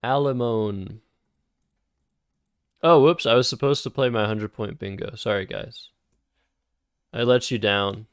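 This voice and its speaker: A man's voice: mid-range voice, a little slow, pauses often, smooth, dry recording, clean studio sound. A man casually thinking aloud while playing word games on a live stream. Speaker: streamer and Scrabble player.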